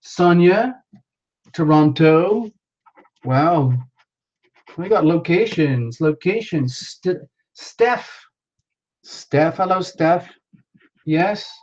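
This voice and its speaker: A livestream host with a mid-range voice chats casually, drawing out words and pausing often over dull-sounding audio. Excitable and full of exclamations, they greet viewers by name and scramble to keep up with the chat.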